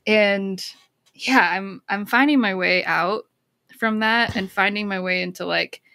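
Woman on a podcast, rambly and reflective, lots of "like", mid pitch. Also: a little slow, no echo. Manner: reflective, rambling with many "like" fillers, bursts of excited emphasis. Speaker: guest, counselor and author. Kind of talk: casual podcast conversation.

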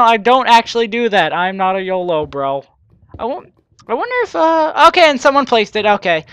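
A man's voice: high voice, a bit bright, clean tone, dry recording. A man hosting a gaming channel, giving rambling, self-mocking let's play commentary with joking asides.

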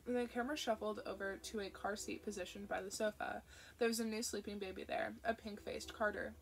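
A woman narrating an audiobook in a steady, expressive voice with a noticeably gravelly texture. Her pitch sits in an ordinary middle range. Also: fairly quick, a little hiss or hum. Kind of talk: audiobook reading.

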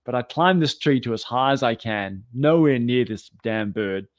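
Male guest, mid-pitch, animated self-deprecating storyteller, dry close sound. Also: fairly quick, few pauses, no echo. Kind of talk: anecdotal storytelling.

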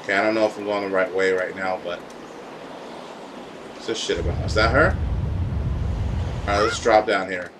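A man's voice: sits low, steady tone, moderate pace, long pauses, noisy background. A young man giving casual, profane, joking commentary while playing a video game at home. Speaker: gaming YouTuber. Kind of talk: casual let's-play commentary. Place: hot room at home with window closed. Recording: loud game music underneath.

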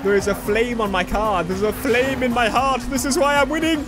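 A man commentating his own racing-game playthrough, with an unusually high voice. He is excitable, bursting into yells and then dropping to low mutters. Game music plays clearly underneath. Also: normal speed. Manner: excitable, swings from yelling to muttering. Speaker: gaming channel host. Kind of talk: let's play commentary. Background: racing game music and engine sounds.

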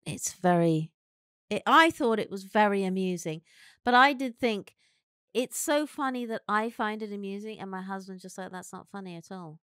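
A woman's voice: mid-range voice, lively intonation, moderate pace, fairly bright tone, clear, resonant tone, no room sound, clean studio sound. A woman co-hosting a podcast in casual chat, a chatty, giggly storyteller who hands out frank advice. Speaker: podcast co-host.

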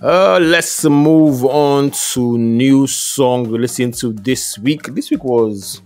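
A man's voice: mid-range voice, slow, darkish tone. A man co-hosting a music podcast in casual chat, reading out lists of nominees and laughing often. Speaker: podcast co-host.

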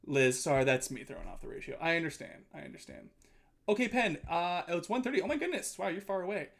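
A man's voice: a little high, fairly quick, creaky. A man streaming, chatting casually with his viewers and reading chat aloud. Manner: chatty, reads chat aloud, animated swings.

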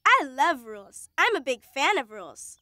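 A woman voicing Moo Moo, an excitable, bossy young animal in a children's cartoon, talking in gushing, dramatic bursts. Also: high voice, normal speed, no room sound, exaggerated voice. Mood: defensive.

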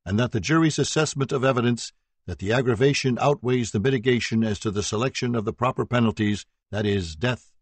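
A man voicing a judge speaking to the court in a measured, formal way. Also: medium pitch, darkish tone, breathy edge, no room sound.

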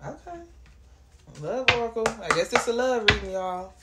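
A woman doing a casual tarot reading, chatty and prone to excited exclamations. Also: medium pitch, brisk. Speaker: tarot reader. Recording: echoey room with clear background noise.

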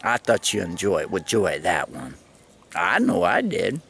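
A man in his fifties telling stories in a casual vlog, animated and swearing freely. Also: deep voice, unhurried, creaky, husky. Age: 50s. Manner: animated, swearing, laughing storyteller.

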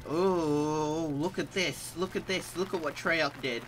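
A man's voice: a little high, takes it slowly, a bit bright, faint music behind. A teenage male gaming host commenting nervously while he plays, panicky and jittery, with frequent nervous laughter. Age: teens.

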